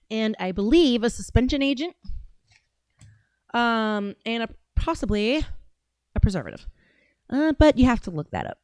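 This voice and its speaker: A woman's voice: fairly low pitch, darkish tone, clean tone, dry recording. A woman in her thirties hosting a casual commentary show, ranting in a heated, sarcastic, profane way. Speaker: show host.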